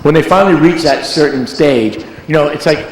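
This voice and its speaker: A music producer tells rambling, joking stories in a casual interview, animated throughout. His voice sits on the high side and moves fairly quickly, and the recording echoes like a hall.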